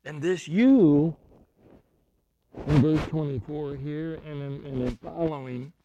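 A man preaching an expository sermon, emphatic and repeating himself, dropping at times to a hushed near-whisper. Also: on the high side, fairly even intonation, normal speed, slight background noise. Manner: repeats and restarts words while reaching for a point.

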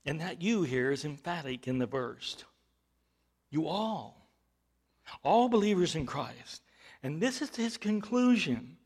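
A man's voice: fairly high pitch, sing-song, slow pace, pauses often, a little mellow. A male pastor preaching a sermon, emphatic, with rhetorical questions and rising bursts of volume.

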